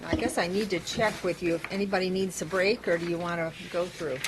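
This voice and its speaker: A woman mayor chairing a city council meeting, plain-spoken and halting, with frequent fillers. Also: lowish voice, fairly even intonation, noisy background.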